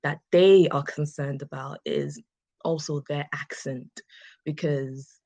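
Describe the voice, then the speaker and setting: A woman's voice: deep voice, steady tone, slow, mellow, dry recording. A woman from England with a Southern English accent, chatting casually and reassuringly as an English tutor on a video call. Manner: chatty, reassuring, puts on playful mock voices. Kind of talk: casual online tutoring chat.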